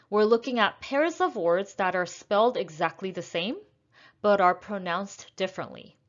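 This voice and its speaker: A woman teaching English pronunciation, speaking slowly and carefully and repeating each word twice so it can be heard. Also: medium pitch, muffled recording. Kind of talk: pronunciation lesson.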